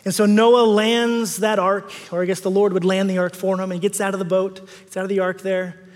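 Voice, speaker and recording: Male pastor, high voice, relaxed chatty preaching style that repeats its key lines, large echoing church. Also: a little fast. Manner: conversational, repeats key phrases for emphasis. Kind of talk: sermon.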